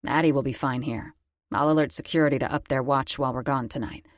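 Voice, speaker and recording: A man's voice: medium pitch, fast, no room sound, voice pushed down, lightly acted. A woman voicing a commanding, protective middle-aged husband who speaks firmly with dry humor. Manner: firm, steady, dry humor.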